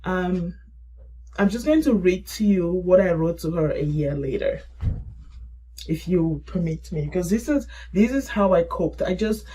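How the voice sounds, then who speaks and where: A middle-aged woman telling her grief story in a halting, emotional way and reading an old message aloud. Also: fairly low pitch, slightly rough, poor audio. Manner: halting, emotional, soft-spoken. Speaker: grief support vlogger.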